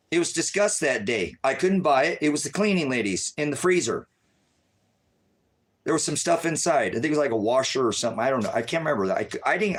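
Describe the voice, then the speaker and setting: On a live stream, an anxious man delivers a rambling, agitated rant that swings from loud bursts to low, muttered asides.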